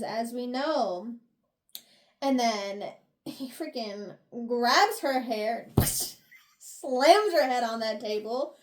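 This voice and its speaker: Animated and on the high side, this young woman speaks slowly and pauses often. Co-hosting a book review podcast, she casually recaps chapters, performs characters' dialogue, and laughs frequently.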